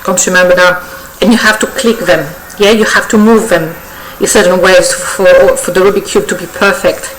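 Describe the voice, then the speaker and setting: A woman's voice: fairly low pitch, steady tone, moderate pace, hardly any pauses, slight background noise, low-quality recording. A woman giving a weekly tarot reading to her viewers, effusive and coaxing, often checking in with "okay?" and repeating herself. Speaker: tarot reader. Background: faint birdsong.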